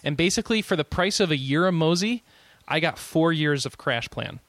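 A man's voice: a little high, lively intonation, normal speed, a bit bright, no echo. A man hosting a podcast in casual chat, rambling with jokey asides and frequent chuckles. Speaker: podcast host.

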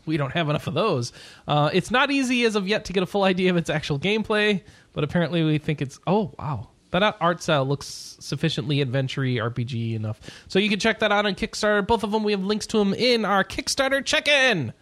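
A man hosting a casual podcast, chatty and quick to laugh while he runs through news items. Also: fairly high pitch, lively intonation, a bit bright, dry recording. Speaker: podcast host.

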